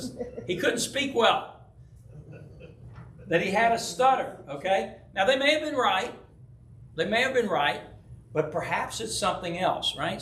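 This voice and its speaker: A high, bright man's voice leads a Bible study in a casual, storytelling way, often checking in with his listeners. He acts out the people in his stories. The sound rings around an echoey church room. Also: a little hiss or hum. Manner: animated storyteller who acts out quoted voices; frequent checking with "right?". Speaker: pastor teaching a Bible study. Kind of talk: conversational Bible teaching with personal stories. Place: church hall.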